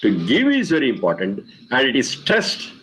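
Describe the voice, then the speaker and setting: A man's voice: medium pitch, wildly swooping pitch, a bit bright, low-quality recording. Man teaching Vedic mantras. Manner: explains slowly, repeats key phrases, chants mantras syllable by syllable.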